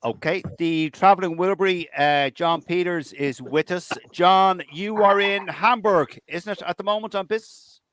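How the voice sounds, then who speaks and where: A man's voice: high-pitched, moderate pace, a bit bright, smooth, no room sound. A man hosting a live online chat, talking in a teasing, rambling way over a video call. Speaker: host.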